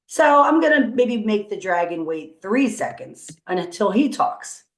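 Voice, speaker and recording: A woman's voice: medium pitch, big pitch swings, unhurried. A woman teacher walking students through a coding tutorial on screen, upbeat and encouraging as she thinks aloud. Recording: roomy echo.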